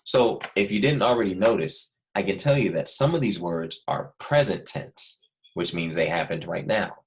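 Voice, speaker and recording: A man teaching a recorded lesson to young students, explaining patiently and repeating key points slowly. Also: sits low, animated.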